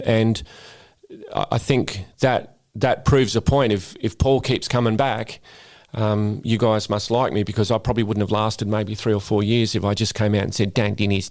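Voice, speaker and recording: A man's voice: on the low side, gravelly, a little mellow, dry recording. A middle-aged Australian man, a guest speaker and former police officer, chatting casually in a podcast interview and often repeating words as he starts a sentence. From Western Australia.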